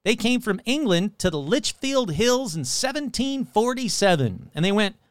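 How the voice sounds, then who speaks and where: A man's voice: high-pitched, big pitch swings, moderate pace, smooth, no room sound, studio quality. A man hosting a casual comedy podcast, sarcastic and profane, rambling as he mocks a legend. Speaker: podcast host.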